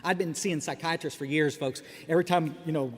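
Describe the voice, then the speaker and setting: A man's voice: a little high, fairly even intonation, a little fast, breathy edge. A middle-aged man giving a humorous personal talk at a recovery meeting, wry and joking, often restarting his sentences and making asides to the crowd. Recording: echoey hall with faint background noise.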